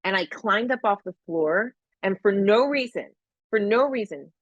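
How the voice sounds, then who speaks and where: A woman's voice: mid-range voice, animated, moderate pace, dry recording. A woman guest on a podcast, telling a personal story earnestly and repeating phrases for emphasis. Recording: dull, lo-fi, dry sound.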